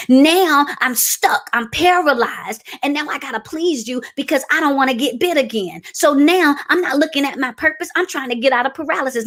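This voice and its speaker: A woman's voice: high voice, fairly bright tone. A woman giving a motivational sermon in a preaching style, emphatic and repeating her key phrases as she calls out to the audience. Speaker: speaker.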